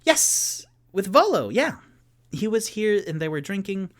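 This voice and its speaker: A man voicing a soft-spoken nonbinary tavern bartender who answers hesitantly but helpfully. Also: sits high, very animated, measured pace, voice pushed up, full character voice.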